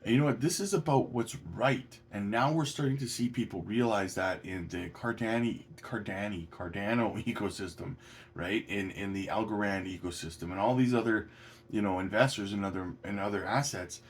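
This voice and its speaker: A man giving casual commentary on news and documents, indignant and halting, with many restarts, jumping up in pitch when incredulous. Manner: indignant, rising to incredulous peaks. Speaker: crypto commentator.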